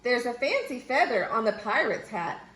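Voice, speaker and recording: A woman reading a children's picture book aloud in an expressive, sing-song way, slipping into playful squeaky voices for the characters. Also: normal speed, roomy sound. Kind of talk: children's storybook read-aloud.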